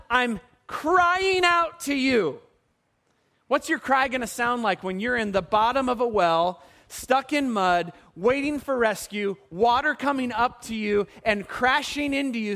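A man preaching a sermon as pastor, animated and putting questions to the congregation. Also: very high voice.

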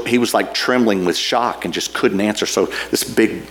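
A man's voice: fairly low pitch, fairly quick, few pauses. A man preaching a sermon, reading scripture and telling a folksy story with frequent fillers and repeats. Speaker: pastor.

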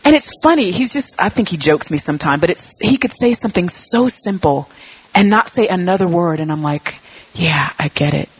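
A woman preaching a heartfelt sermon in a church, animated, acting out her own words and God's replies. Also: on the low side, brisk, slightly rough. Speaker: pastor.

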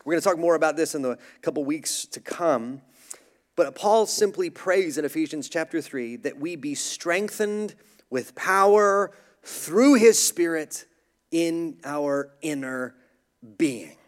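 A man's voice: a little high, lively intonation, a little slow. A man preaching a sermon, casual and conversational, who jokes about himself and acts out the voices of others in his stories. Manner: conversational, self-deprecating humor, acts out voices. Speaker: pastor.

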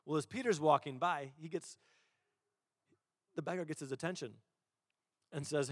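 A man's voice: on the high side, normal speed, long pauses, studio quality. A male pastor preaching a sermon in a church auditorium. He talks in a conversational, self-deprecating way and often repeats words as he restarts. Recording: long hall reverb.

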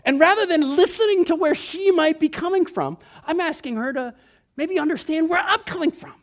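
A man preaching a sermon, playful and animated, acting out his own thoughts and dropping to a hush on scripture. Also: very high-pitched, normal speed. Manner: animated, playful, mimics himself and others, drops to a hushed tone on scripture. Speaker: pastor.

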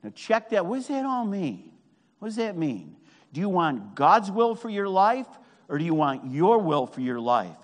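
A man preaching a fervent sermon at a camp, swinging from hushed words to shouted, drawn-out emphasis. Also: sits high, very animated. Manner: draws out key phrases slowly. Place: meeting hall at a camp. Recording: long hall reverb.

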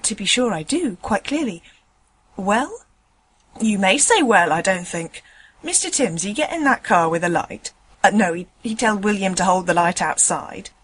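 A woman's voice: mid-range voice, expressive, moderate pace, slightly rough. A woman voicing a chatty, indignant male tram conductor, rambling in folksy dialect. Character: chatty working-class male tram conductor, middle-aged.

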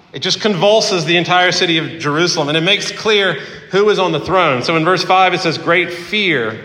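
Bright-voiced man preaching in an echoey hall. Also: fairly high pitch. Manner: conversational preaching with fillers and pauses. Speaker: pastor. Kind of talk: sermon.

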